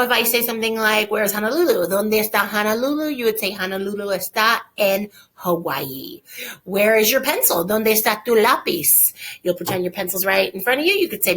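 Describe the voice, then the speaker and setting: A woman teaching a Spanish lesson in a folksy, upbeat way, slowing down to drill example phrases. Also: mid-range voice, fairly bright tone. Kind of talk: recorded online lesson.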